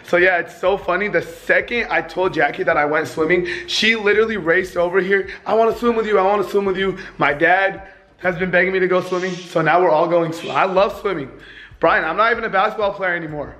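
A young man in his twenties with a hoarse, worn-out voice, chatting casually and joking to his vlog audience. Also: high voice, brisk, echoey room. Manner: excitable, joking. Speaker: vlogger.

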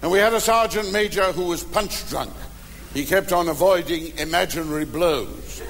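A man's voice: a little high, normal speed, fairly bright tone, in a large hall, slight background noise, low-quality recording. A man telling an anecdote to a live audience, storytelling with mimicry, heard on an archive live recording. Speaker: raconteur.

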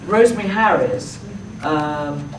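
In a roomy, echoing space, a woman talks slowly and deliberately at a public event, pausing often with fillers and restarts. Her voice sits fairly low and is picked up from some distance. A faint hiss lies underneath. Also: lively intonation. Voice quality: halting, with many fillers and restarts. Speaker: actress answering audience questions. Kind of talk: thoughtful public talk. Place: public library talk room. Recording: echoey room from far off.

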